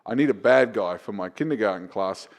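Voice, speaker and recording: A man, a comedian guest on a casual podcast, telling a profane story that climbs to loud, excited retelling. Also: lowish voice, a little fast.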